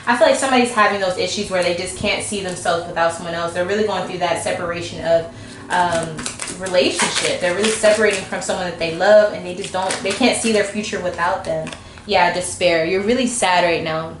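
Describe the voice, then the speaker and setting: A woman's voice: on the low side, fairly even intonation, fairly quick. A woman giving a casual, informal tarot reading to camera, chatty and talking straight to the viewer. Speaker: tarot reader. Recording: echoey room, faint background noise.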